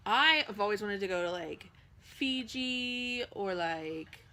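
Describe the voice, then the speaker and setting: A woman's voice: medium pitch, animated, very slow, bright, forceful tone. A woman chatting casually at home as co-host, filling her talk with "like" and "totally". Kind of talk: casual chat.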